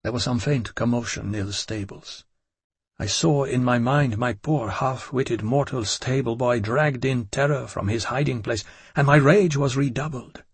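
Husky male narrator of a gothic novel. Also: medium pitch, a little slow, no echo. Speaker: audiobook narrator.

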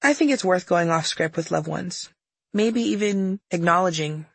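A woman's voice: on the low side, normal speed, gravelly, slightly rough, no echo. A woman narrating her own audiobook memoir in a candid, wry storytelling manner, close to the mic.

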